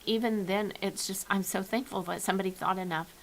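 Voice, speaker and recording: A woman's voice: mid-range voice, fairly even intonation, a little fast, a little hiss or hum, low-quality recording. A woman giving an informal devotional message from home, speaking earnestly, often repeating and restarting her words. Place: at home, with her dog nearby.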